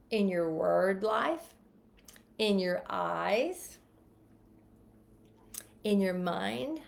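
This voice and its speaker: With a mid-range voice and noticeable vocal fry, a woman gives an emphatic self-help talk. She keeps repeating phrases and walks her audience through spoken affirmations.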